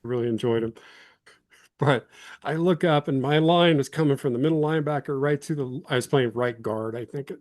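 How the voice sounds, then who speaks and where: A man's voice: mid-range voice, moderate pace, a little mellow, no room sound. Self-deprecating middle-aged storyteller man. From Illinois. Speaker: guest, former college football lineman. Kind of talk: casual interview storytelling.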